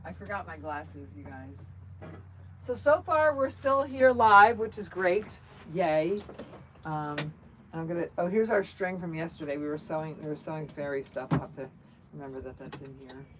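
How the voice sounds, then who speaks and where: Low-voiced woman chatting on a live vlog. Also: normal speed, fairly bright tone, a little hiss or hum, low-quality recording. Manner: rambling, chatty and self-joking. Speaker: channel host. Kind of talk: casual livestream chat. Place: outdoors around her truck and camper. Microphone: phone camera.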